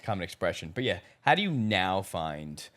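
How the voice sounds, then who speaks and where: A man's voice: low voice, sing-song, moderate pace, fairly bright tone. A man co-hosting a podcast in a laid-back style, laughing easily and swearing now and then. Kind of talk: casual podcast chat.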